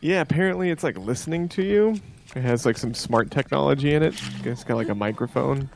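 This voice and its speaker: A man co-hosting a gaming video, chatting in a joking, excitable way. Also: medium pitch, a little fast. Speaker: let's play co-host. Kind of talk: casual gaming chat. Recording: clear music in background.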